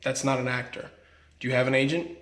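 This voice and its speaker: A man's voice: medium pitch, steady tone, quick pace, a bit bright, echoey room. A young man, an actor, talking casually to camera and giving a friend earnest, frank advice.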